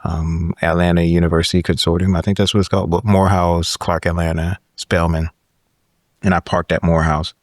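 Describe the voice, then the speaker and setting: A man's voice: low voice, fairly quick, no echo. A man in his thirties, a podcast guest, telling a story in casual conversation and often checking in with "right?". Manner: animated storyteller, frequent "right?" tags.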